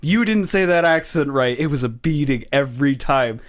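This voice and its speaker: New england guy on a podcast, kinda high voice, blunt, swears a lot. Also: expressive, a little fast. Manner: blunt, swears freely, laughs at own stories. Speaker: podcast co-host. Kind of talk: casual chat.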